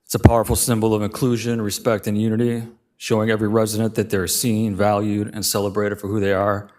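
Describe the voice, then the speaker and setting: Man with a low, flat voice. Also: fast talker. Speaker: public commenter. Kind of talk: prepared public comment.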